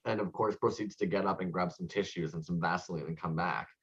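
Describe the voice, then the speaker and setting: A man's voice: low-pitched, fairly quick, breathy edge. Co-host, casual man, rambling storyteller, muffled lo-fi video-call audio. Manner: rambling, animated storytelling with lots of "like". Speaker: podcast co-host.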